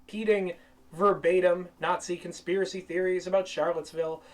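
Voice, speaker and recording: A man's voice: sits high, fairly even intonation, fairly quick. A man in a played video clip giving dismissive, emphatic commentary. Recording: distant audio of a played clip.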